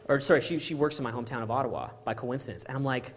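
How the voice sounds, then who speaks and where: A middle-aged man from Canada, telling a story to an audience in an animated way and acting out the dialogue, often asking "right?" and "okay?". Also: mid-range voice, racing, a little hiss or hum.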